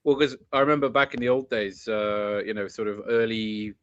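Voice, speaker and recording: A man's voice: lowish voice, normal speed, smooth, no echo, lo-fi sound. A man hosting a podcast, chatting casually with a rambling, restart-filled delivery. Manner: rambling, many restarts and asides. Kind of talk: casual chat.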